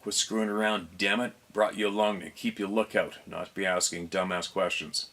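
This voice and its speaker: A man's voice: sits low, steady tone, a little fast, sharp tone. A man reading aloud the curt, cursing lines of an angry old grandfather in a story. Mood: irritated.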